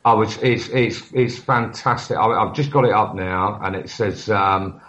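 Man, very low voice, earnest, halting, dull muffled call audio. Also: a bit bright. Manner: earnest, hesitant with restarts and fillers. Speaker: radio show guest. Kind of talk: casual chat over a call. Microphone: internet voice call.

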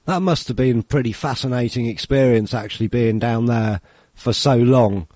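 A man's voice: mid-range voice, moderate pace, a little mellow, no echo. A man hosting a radio show, easygoing and chatty in an informal way. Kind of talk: casual radio chat.

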